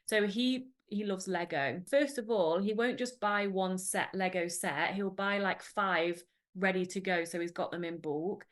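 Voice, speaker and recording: A woman's voice: medium pitch, measured pace. Enthusiastic English woman, podcast guest. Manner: enthusiastic, chatty, gushing. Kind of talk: casual interview chat.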